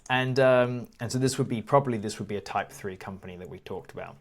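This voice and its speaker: A man walking through stock reports on screen as an investing educator, in a casual, halting way, often repeating words and chuckling now and then. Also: lowish voice, a little hiss or hum. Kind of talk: screen-share walkthrough.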